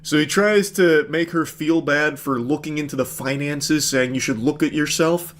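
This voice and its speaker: A man hosting a comedic commentary video, reading and reacting with sarcastic, deadpan asides. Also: fairly high pitch, moderate pace. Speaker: commentary host.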